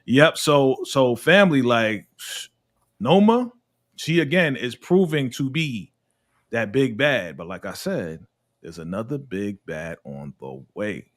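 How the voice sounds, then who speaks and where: A man hosting a casual TV episode review, animated and laughing often, his voice swinging between high and low. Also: takes it slowly. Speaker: host of a TV recap show.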